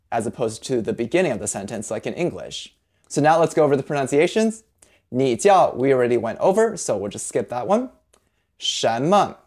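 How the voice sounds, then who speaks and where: A language teacher giving a video lesson, patient, spelling sounds out slowly and carefully. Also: medium pitch, darkish tone.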